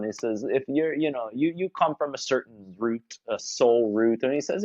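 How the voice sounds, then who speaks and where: A man's voice: a little fast, no room sound, highs cut off. A man in casual spiritual conversation, telling stories animatedly and acting out the quoted voices. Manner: animated storyteller, acts out quoted voices with big pitch jumps. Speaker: podcast guest.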